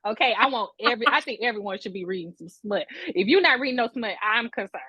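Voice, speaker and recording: A woman hosting a casual chat, talking in an animated, emphatic way with quick asides. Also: fairly high pitch, husky, no room sound. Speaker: host. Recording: dull lo-fi dry sound.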